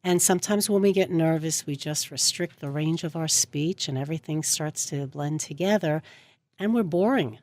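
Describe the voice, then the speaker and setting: A woman speech coach with a low, darkish voice at normal speed gives a radio interview into a studio microphone. She explains things emphatically, stressing key words.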